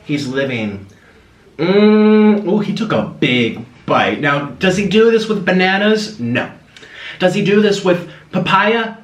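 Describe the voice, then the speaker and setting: In a slow, sing-song, high-pitched voice, a male food vlogger eats and chats casually to the camera for a mukbang. He coos at his pet between bites, and the echoey room has a little noise in it.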